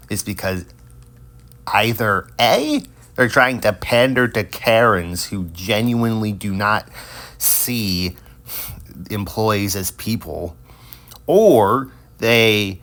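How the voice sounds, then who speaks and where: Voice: medium pitch, a bit bright. A video creator casually reading social media posts aloud with amused, wry asides.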